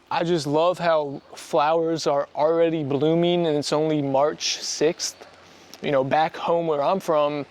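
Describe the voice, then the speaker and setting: A young American man from the United States talks casually to the camera on a solo travel vlog, chatty and enthusiastic about the sights around him on a sunny outdoor hillside. His voice is on the high side and slightly mellow.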